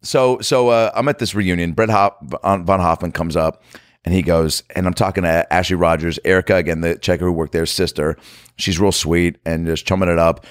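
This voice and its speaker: A man's voice: low-pitched, steady tone, fairly quick, smooth, no room sound, studio quality. A man chatting casually, telling rambling anecdotes with acted-out quotes and laughter. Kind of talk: casual storytelling chat.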